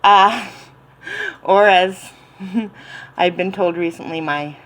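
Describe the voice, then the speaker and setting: A woman's voice: mid-range voice, fairly even intonation, very slow, fairly bright tone, rough recording. A woman with a Southern accent chatting casually in her home kitchen, rambling with lots of ums and little laughs. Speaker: home cooking channel host.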